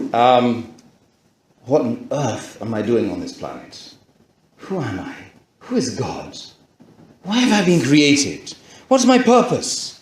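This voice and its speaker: Animated man telling his story. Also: mid-range voice, reverberant. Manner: animated storyteller, rhetorical questions. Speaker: speaker giving a conversion testimony. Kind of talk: storytelling talk to an audience.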